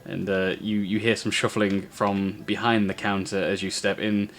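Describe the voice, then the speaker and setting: A man narrating a tabletop game as game master, halting, with many fillers. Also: fairly low pitch, level tone, a bit bright, slight background noise.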